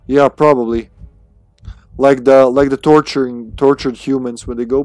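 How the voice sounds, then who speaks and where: A man's voice: medium pitch, fairly even intonation, moderate pace, a little mellow, dry recording. A man streaming a video game, chatting casually and playfully, often laughing at himself. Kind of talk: casual gameplay commentary.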